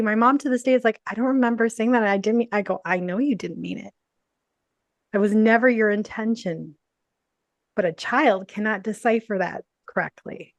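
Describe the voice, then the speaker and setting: A woman business coach telling a personal story in a casual interview, animated, laughing often and saying "like" and "you know" a lot. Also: medium pitch, dry recording.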